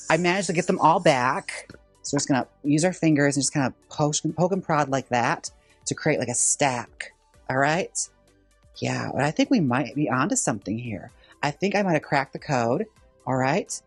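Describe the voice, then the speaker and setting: A man's voice: on the high side, dry recording. A drag queen host chatting campily and sassily while styling a wig in a casual vlog. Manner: campy, sassy, animated chatter.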